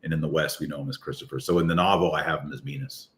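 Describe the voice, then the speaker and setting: A man with a deep voice, talking as an author guest in an enthusiastic, rambling podcast chat. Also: steady tone, very fast, fairly bright tone. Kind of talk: casual podcast conversation.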